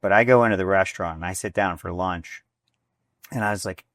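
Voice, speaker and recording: A man in his forties speaks in a deep, low register, recounting business stories with animated energy and little bits of acted-out dialogue. He restarts phrases often as he thinks aloud. The sound is dry and close, with no room around it. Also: brisk, no echo. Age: 40s. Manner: animated storyteller, acts out dialogue, frequent restarts. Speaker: restaurant chain executive, guest. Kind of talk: conversational interview storytelling.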